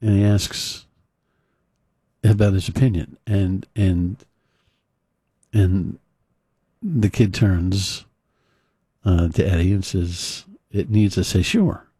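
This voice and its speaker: A man's voice: sits low, fairly even intonation, slow pace, pauses often, mellow, slightly rough, no room sound, clean studio sound. A male radio host casually retelling a film scene in a rambling way, full of fillers and restarts. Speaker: radio talk show host. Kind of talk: casual talk radio monologue.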